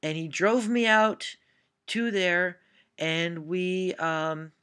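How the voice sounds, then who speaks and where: A woman's voice: fairly low pitch, extremely slow, a bit bright, clear, resonant tone. A Canadian woman with a Canadian accent, answering viewer questions in a casual vlog, rambling through anecdotes with lots of "uh" fillers and self-deprecating asides. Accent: Canadian English. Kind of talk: casual Q&A storytelling.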